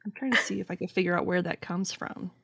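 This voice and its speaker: A woman's voice: lowish voice, steady tone, quick pace, creaky, sharp tone, husky, no echo, studio quality. A woman hosting a podcast, chatting casually and playfully with her guest. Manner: playful, acts out silly voices in jokes. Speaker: podcast host. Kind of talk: casual chat.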